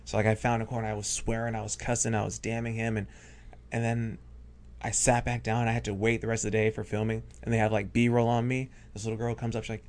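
Gravelly-voiced guest hypnotist, rambling storyteller, casual talk. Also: male voice, fairly low pitch, monotone, fast, darkish tone. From raised Catholic. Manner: rambling, filler-heavy, acts out quotes. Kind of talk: casual podcast chat, storytelling.

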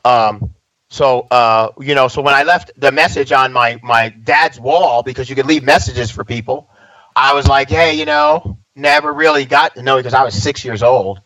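A man's voice: mid-range voice, moderate pace, low-quality recording. A man in his fifties, a stand-up comedian, telling a personal story in casual conversation and acting out what other people said. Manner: animated storyteller acting out quoted dialogue.

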